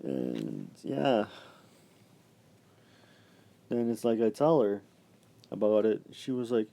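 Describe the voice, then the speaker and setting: A young man telling a rambling story about his old job, halting and swearing when worked up. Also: lowish voice, very animated, vocal fry, warm tone. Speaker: vlogger. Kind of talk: casual storytelling rant.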